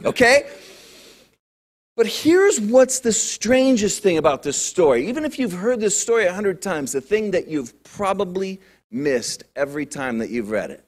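A man in his forties preaching a sermon, animated and full of jokes as he tells the story. His voice sits high for a man, and his pitch swings widely from line to line. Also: moderate pace. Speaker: pastor.

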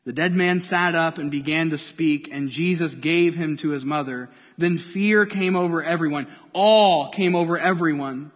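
A male pastor preaching a sermon to a church congregation, lively and playful as he draws listeners in. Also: on the high side, moderate pace, hardly any pauses. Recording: long hall reverb from a church.

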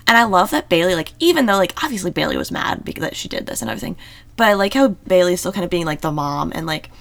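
A woman's voice: lowish voice, expressive, fast talker, creaky, a bit bright, no room sound. A woman in casual podcast chat about a TV show, talking loosely with many fillers and frequent laughs. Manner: chatty, filler-heavy, laughs often. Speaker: podcast co-host.

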